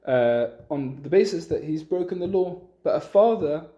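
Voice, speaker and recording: A man teaching a Torah lesson with a story, halting often and restarting his sentences. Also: fairly high pitch, expressive, warm tone. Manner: halting, many restarts, acts out quotes. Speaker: religious teacher.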